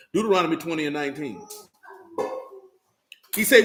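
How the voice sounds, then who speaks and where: A man, preaching a sermon, reading scripture slowly and asking rhetorical questions. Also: sits high, animated. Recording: echoey room with faint noise.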